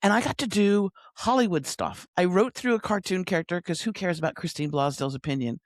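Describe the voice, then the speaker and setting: A woman in her sixties, a coach telling stories as an interview guest on a remote call, lively and laughing often. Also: low-pitched, no room sound, clean studio sound. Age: 60s. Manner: lively, animated storyteller with frequent laughs. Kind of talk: conversational interview storytelling. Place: home near Sydney, remote call.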